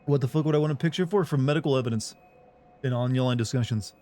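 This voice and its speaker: A man's voice: medium pitch, fast, mellow. A man streaming a game who argues with his chat in a casual, sarcastic way, swearing freely and sounding incredulous.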